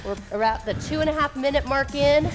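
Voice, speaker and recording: Over pumping workout music, a woman coaches a follow-along routine at a fairly quick clip. Her voice is high, her encouragement upbeat, and she's running short of breath as the fitness instructor.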